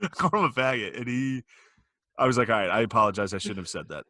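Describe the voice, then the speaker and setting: A man's voice: mid-range voice, lively intonation, fast talker, pushed and bright, no echo, studio quality. A young man co-hosting a podcast, telling crude, profane stories and laughing often in casual banter. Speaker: podcast co-host.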